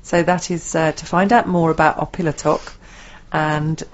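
A woman co-hosting a radio show, reading announcements with lively, playful banter. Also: low-pitched, normal speed, muffled recording. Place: radio studio. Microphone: studio microphone.

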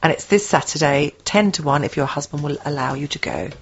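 A woman's voice: low voice, brisk, slightly rough. A woman co-hosting a radio show, reading event listings in a teasing, giggly way. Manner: giggly, teasing, laughs often. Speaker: radio co-host. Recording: dull lo-fi radio sound.

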